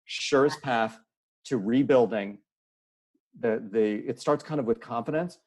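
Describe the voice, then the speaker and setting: A man speaking as an interview guest, earnest and halting, often restarting his sentences. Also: mid-range voice, darkish tone. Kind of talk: casual interview conversation.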